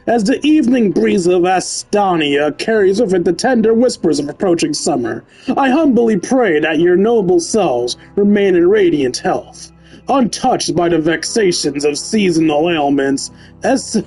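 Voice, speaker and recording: A cowboy gunslinger from a video game reads out a flowery formal letter in a deliberately lowered drawl, put on by a man. The voice still sits fairly high beneath the drawl. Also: lively intonation, darkish tone, soft background music, rough recording. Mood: pompous.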